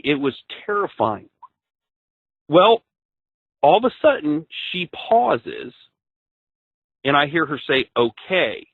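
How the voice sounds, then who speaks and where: A man's voice comes through a thin, narrow phone line with no room sound at all, his pitch sitting in a plain middle range. He tells a frightening personal story in earnest, first-person fashion. He often catches on a word and says it two or three times before pushing on. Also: slightly rough, dry recording. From Ohio. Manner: earnest, repeats and restarts words when shaken. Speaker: guest recounting a personal encounter. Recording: tinny dry phone line.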